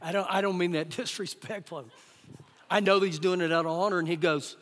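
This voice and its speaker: High-voiced pastor preaching in a hall. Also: male voice, moderate pace, breathy edge. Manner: emphatic preaching, rises loud then drops soft. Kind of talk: sermon. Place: church sanctuary. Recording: live church recording with long hall reverb.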